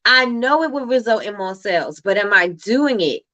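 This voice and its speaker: A woman's voice: mid-range voice, lively intonation, moderate pace, bright, forceful tone, highs cut off. A woman hosting a motivational livestream, talking emphatically, repeating phrases for effect and reading viewer comments aloud. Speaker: livestream host.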